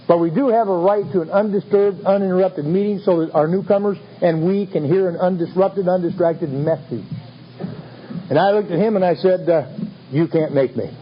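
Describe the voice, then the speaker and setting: A man with a high-pitched voice tells his recovery story to a meeting, speaking a little fast with wry, self-mocking, folksy humor. There is slight background noise, and the lo-fi recording sounds dull with faint ambience.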